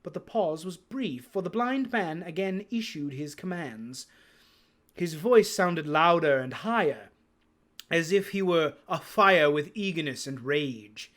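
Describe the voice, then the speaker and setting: A man reads a classic adventure novel aloud in a theatrical way. His voice sits slightly high and swings widely as he takes his time over every line. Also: animated, fairly bright tone. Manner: theatrical, unhurried storytelling. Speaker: reader.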